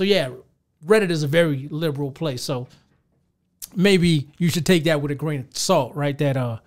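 A man in his thirties hosting a podcast, ranting in a casual, profane, animated way and talking straight to his listeners. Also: a little high. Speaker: podcast host.

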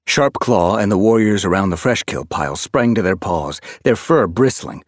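A man narrating a fantasy audiobook, expressive and reading from a script. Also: lowish voice, normal speed, no room sound, studio quality. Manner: expressive, shifting voices for characters.

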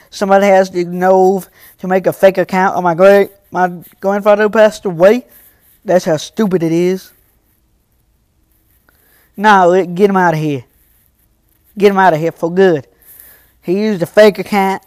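A teenage boy running a casual livestream, talking straight to his chat, quick to get angry and protective of his viewers. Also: high-pitched, darkish tone, clean tone, no echo, clean studio sound.

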